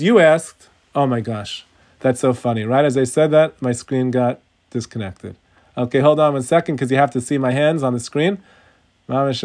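A man teaching a Talmud class over a video call, explaining slowly, stressing key words and telling a story. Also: medium pitch, a little mellow.

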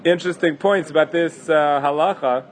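A man's voice: a little high, moderate pace. A man teaching a casual halacha class, thinking aloud with fillers and restarts. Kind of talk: casual Torah class lecture.

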